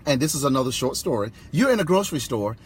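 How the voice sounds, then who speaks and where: A man co-hosting an inspirational show, telling a story with animated, affirming delivery. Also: mid-range voice, fast, slight background noise.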